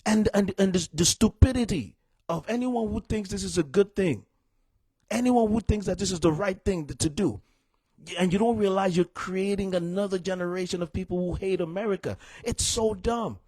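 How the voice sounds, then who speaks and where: A man's voice: high-pitched, moderate pace, a little mellow, slightly rough, no room sound. A young man giving a heated, exasperated live stream rant to his viewers, repeating himself and calling them "y'all". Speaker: political commentator streaming live.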